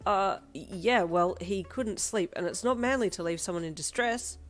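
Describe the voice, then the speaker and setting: A woman's voice: fairly low pitch, normal speed, a bit bright, soft background music, lightly acted. A woman voicing a flustered, cheerful teenage boy who stammers and babbles, in a storybook reading.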